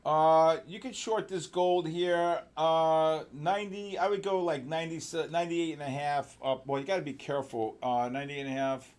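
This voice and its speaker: Excitable male trading-room host. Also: fairly high pitch, clean tone. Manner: excitable, fast-talking, bursts of loud exclamations. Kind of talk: live trading room commentary.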